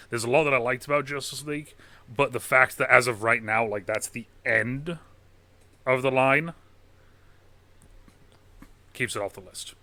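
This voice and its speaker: A man with a bright, forward voice rambles through casual movie talk, dropping swear words as he goes. He is recorded close and dry, with no room sound around him. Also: mid-range voice, no room sound. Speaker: podcast host.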